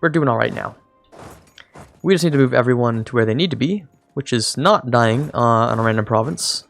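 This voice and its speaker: A man's voice: medium pitch, animated, fairly quick, gravelly, soft background music. A young man streaming a strategy game, rambling casually, mocking himself and talking to his units. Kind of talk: casual gameplay commentary.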